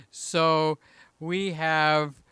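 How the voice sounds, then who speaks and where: A man's voice: a little high, bright, forceful tone, clear, resonant tone, no room sound. A man hosting a casual live stream from home, talking in a chatty, jokey way and reading out the chat, a little out of breath, holding a handheld mic. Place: room in his house.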